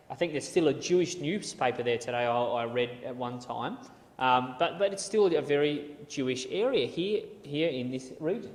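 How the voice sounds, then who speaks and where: A man of middle pitch giving a casual Bible lecture, talking loosely with frequent restarts and repeated words. His voice rings through a hall with a long reverb. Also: a little mellow, slight background noise. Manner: conversational, repeats words and restarts, reads quotes aloud. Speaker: Bible talk speaker.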